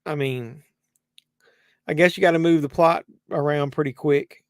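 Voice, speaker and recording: Brief: male streamer, slightly high voice, casual rambling commentary, dry close sound. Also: measured pace, no echo. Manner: rambling, conversational, many fillers and restarts. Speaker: host. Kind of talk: casual live watch-along commentary.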